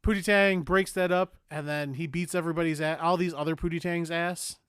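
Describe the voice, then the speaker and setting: A man's voice: on the high side, brisk, clear, resonant tone, dry recording. Chatty podcast guy, dry close voice. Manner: animated, acts out movie lines in quotes. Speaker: podcast co-host. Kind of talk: casual chat.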